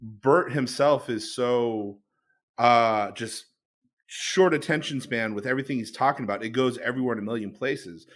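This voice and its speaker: A man's voice: mid-range voice, normal speed, fairly bright tone. A man co-hosting a podcast, retelling a comedy bit with amusement in casual chat. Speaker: podcast co-host.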